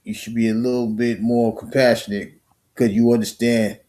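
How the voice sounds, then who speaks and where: A man in a casual chat, halting and repeating his words. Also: medium pitch, little pitch movement, warm tone.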